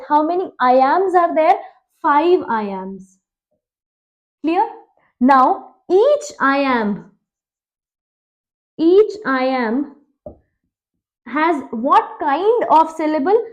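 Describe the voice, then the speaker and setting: A woman with an Indian English accent gives an exam-prep lecture on poetry. Her voice sits high, and she asks questions and answers them herself. She drags out and repeats the key terms. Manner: quizzing, repeats key facts, slows to stress terms. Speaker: teacher.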